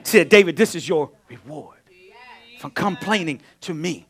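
A man preaching a sermon to his congregation. His voice sits high and swoops widely, jumping from loud outbursts to hushed, near-whispered asides. He keeps turning to the room, calling on everyone and repeating his key lines. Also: lively intonation, measured pace, breathy edge. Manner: preaching with sudden swings between loud exclamations and hushed asides; addresses the congregation as y'all, repeats phrases. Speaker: pastor.

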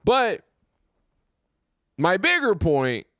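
A man's voice: sits high, wildly swooping pitch, drawn-out words, sharp tone, dry recording, clean studio sound. A young man hosting his own podcast, ranting casually and profanely, often repeating himself. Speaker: podcast host. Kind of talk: casual rant.

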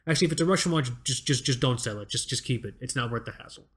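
A man's voice: medium pitch, expressive, very fast, a bit bright. Rambling, laughing young man chatting. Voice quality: rambling, profane, repeats words, laughs often. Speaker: podcast co-host. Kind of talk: casual chat.

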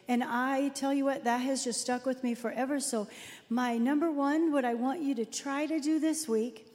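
A woman's voice: sits high, steady tone, darkish tone, long reverb tail. A woman in her fifties co-hosting a faith-based talk, chatty and storytelling. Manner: chatty, storytelling, quick to laugh. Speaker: co-host.

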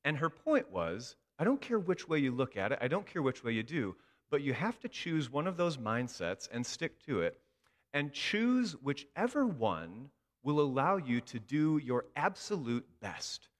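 A man preaching a sermon in a church, telling a story in an emphatic, expressive way. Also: mid-range voice, a little slow. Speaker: pastor. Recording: long hall reverb.

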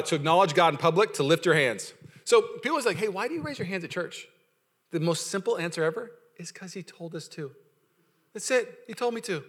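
Bright-voiced, lively male pastor preaching. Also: sits high. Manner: energetic, playful preaching with audience call-outs; acts out quoted voices in storytelling. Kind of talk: sermon.

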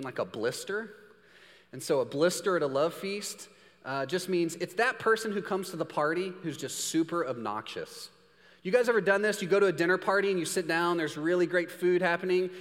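Male pastor, slightly high voice, relaxed joking sermon, long reverb of a large hall. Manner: casual, jokey, acts out quick voices.

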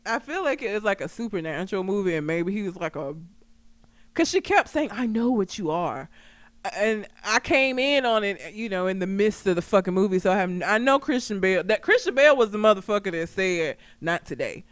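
A woman's voice: medium pitch, animated, brisk, dry recording. A woman in casual chat, telling a story animatedly, swearing and laughing often.

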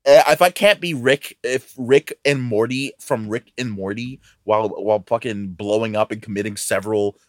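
A man's voice: on the low side, moderate pace, few pauses, no room sound, clean studio sound. A young male podcast co-host who swears a lot and sounds exasperated, laughing between jokes. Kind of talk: casual banter among friends.

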